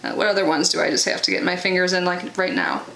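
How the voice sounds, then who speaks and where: This young unboxing vlogger talks fast in a fairly low voice with vocal fry and a bit of brightness, and she's very animated. She chats casually, peppering her reading of product blurbs with filler words, and the room echoes with faint noise.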